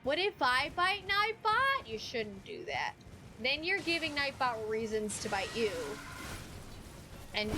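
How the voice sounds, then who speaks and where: A woman streams a game live from home, her high voice leaping all over as she yelps and cheers at each moment. She talks in quick, excitable bursts. The stream is noisy, with dogs about the house. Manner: excitable, frequent alarmed exclamations. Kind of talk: live gameplay commentary.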